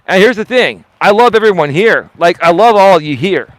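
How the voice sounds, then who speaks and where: A man's voice: high-pitched, expressive, normal speed, dry recording. A man hosting a casual live stream, talking straight to his chat, emphatic and defensive and repeating himself for effect. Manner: talks straight to chat, asks pointed questions. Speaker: livestream host.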